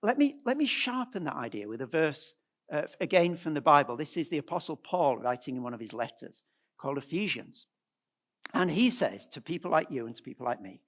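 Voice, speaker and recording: A middle-aged man giving a presentation at a church, animated and asking the audience rhetorical questions. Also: a little high, brisk. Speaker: guest speaker.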